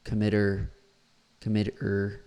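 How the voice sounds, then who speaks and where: A man's voice: lowish voice, completely flat delivery, slow pace, background noise. A man, an English teacher, critiquing a learner's pronunciation and repeating words aloud to model them.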